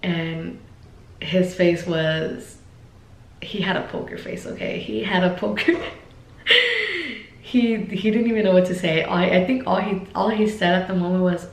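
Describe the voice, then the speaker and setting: A young woman vlogger telling a personal story in a loose, chatty way, peppering it with fillers and calling her viewers "guys". Her voice is low-pitched with a gravelly fry, and the room around her rings with echo. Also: fairly even intonation, unhurried. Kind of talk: casual storytime vlog. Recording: echoey room.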